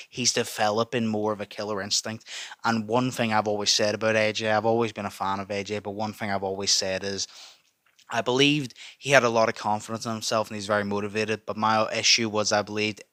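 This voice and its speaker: A man's voice: on the low side, bright, forceful tone, dry recording. A man giving emphatic, sweary reaction commentary, repeating his points for stress. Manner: emphatic, repetitive, heavy swearing. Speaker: boxing commentary YouTuber.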